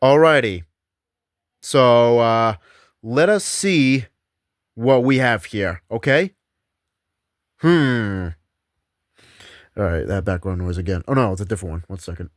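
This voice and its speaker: A man's voice: mid-range voice, slow pace, pauses often, dry recording, clean studio sound. Casual man narrating a ghost hunt. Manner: rambling, loose, self-correcting. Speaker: paranormal show narrator. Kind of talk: casual paranormal investigation narration.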